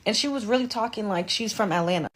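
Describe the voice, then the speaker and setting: A woman's voice: medium pitch, quick pace, fairly bright tone, a little hiss or hum. Chatty sarcastic woman. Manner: chatty, sarcastic, says "babe". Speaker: social media commentator. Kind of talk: casual commentary vlog.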